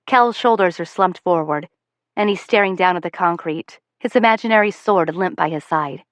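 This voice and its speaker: A woman's voice: lowish voice, moderate pace, no echo. Casting: female audiobook narrator, first-person novel, wry and conversational, dry close sound. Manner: wry, self-aware, conversational.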